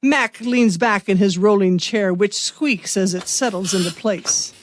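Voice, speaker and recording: A woman hosting a podcast, giving measured scripted narration for a radio-theater mystery. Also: medium pitch, a little hiss or hum.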